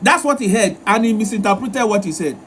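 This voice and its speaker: High-voiced man giving emphatic advice. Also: animated, brisk, a bit bright, slight background noise. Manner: repetitive, emphatic, lecturing. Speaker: relationship advice host. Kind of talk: live-stream advice talk.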